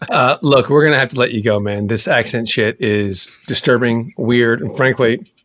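A man's voice: fairly high pitch, animated, quick pace, a bit bright, breathy edge, voice pushed down. A man voicing a blunt boss who deadpans while firing an employee.

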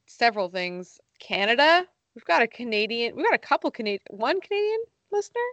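A woman's voice: a little high, big pitch swings, normal speed, a bit bright, dry recording, highs cut off. A young woman co-hosting a casual podcast, joking and giggling, her voice cracking now and then. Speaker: podcast co-host. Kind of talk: casual chat.

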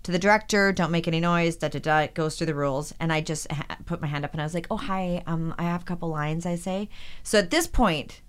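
On a podcast, a forties actress with a low, smooth voice speeds through animated stories about her acting work. It's a casual, storytelling interview, and she keeps things lively by performing every quoted voice.

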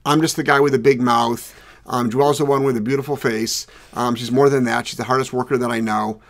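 A man hosting a live dog training podcast, talking loudly and rambling in an excitable, casual way. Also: medium pitch, a little fast. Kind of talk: casual live show chat.

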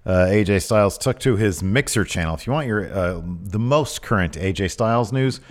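A man's voice: fairly low pitch, moderate pace. A man co-hosting a wrestling news podcast in casual, jokey chat, reading quotes aloud. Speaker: podcast co-host.

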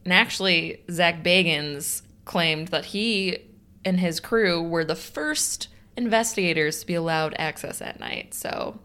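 Chatty low-voiced woman co-host. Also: a little slow, pushed and bright. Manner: chatty, reacts with gasps and laughs, informal swearing. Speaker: podcast co-host. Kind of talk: casual podcast chat.

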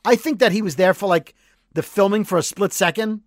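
A man co-hosting a podcast, retelling a TV episode as an animated storyteller who acts out the quotes. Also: high voice, brisk, no echo, studio quality. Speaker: podcast co-host. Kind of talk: casual recap chat.

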